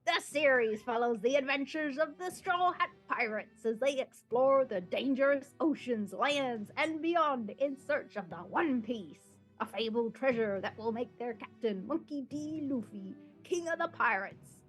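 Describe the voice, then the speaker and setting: A woman's voice: sits high, expressive, a little slow, few pauses, faint music behind. A woman putting on a playful pirate voice to read a story summary aloud. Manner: reads a synopsis in a mock pirate voice.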